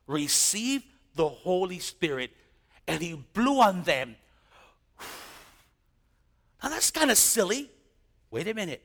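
A middle-aged man from East Los Angeles preaching a sermon as pastor, telling his story with animated swings and sudden hushed tones. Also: sits high, takes it slowly, gravelly, pauses often, big-room sound.

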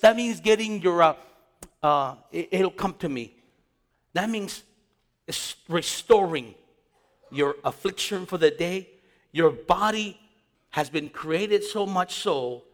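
A man delivers a sermon, pressing his points with repeated phrases and sudden rises in volume. His voice sits a little high for a man. The sound carries a long reverb, as in a church hall. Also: a bit bright. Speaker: pastor.

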